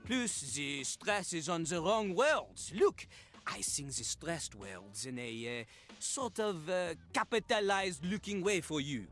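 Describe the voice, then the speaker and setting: Theatrical toilet character for a game, high and lively voice, lectures then sings rap. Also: male voice, takes it slowly, faint music behind, full character voice. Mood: lecturing. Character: pompous French male toilet rapping teacher.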